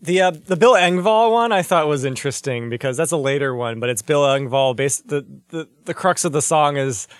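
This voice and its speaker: A man's voice: fairly high pitch, animated, fairly quick, hardly any pauses, clean tone, no echo. Chatty man with a dry, close sound. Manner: chatty, laughs often, self-correcting. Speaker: podcast co-host. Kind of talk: casual chat reviewing music videos.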